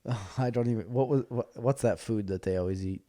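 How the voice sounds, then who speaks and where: A young adult man co-hosting a casual podcast, joking around and quick to dispute what he hears. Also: medium pitch, warm tone. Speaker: podcast co-host. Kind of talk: casual chat.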